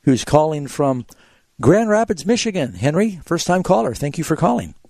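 A man's voice: on the high side, big pitch swings, normal speed, gravelly, warm tone, no room sound. A man hosting a radio call-in show as a pastor, explaining scripture in a teacherly way and telling short illustrative stories. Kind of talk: radio call-in Bible answers. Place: radio studio.

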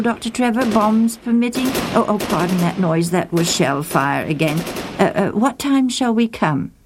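Casting: woman as a courteous, fumbling priest on the phone, hesitant, many fillers, mid pitch. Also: husky. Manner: hesitant, full of uh and polite fillers. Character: polite, flustered male monastery librarian priest.

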